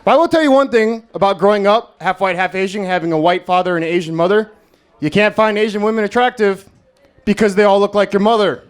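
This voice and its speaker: A young American man doing a stand-up set at an open mic, in a crude, deadpan, self-mocking style. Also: high-pitched, fast, smooth. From United States. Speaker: stand-up comedian. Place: comedy club stage, Las Vegas.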